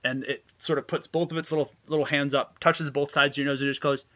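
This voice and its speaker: A man's voice: on the high side, little pitch movement, quick pace, bright, forceful tone, lo-fi sound. A man narrating as game master for a tabletop game, loose and full of fillers.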